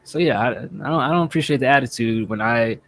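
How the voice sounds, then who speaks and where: Man, podcast co-host, casual chat, animated storytelling, profane, mid-pitched voice. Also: fast talker, vocal fry, a little hiss or hum.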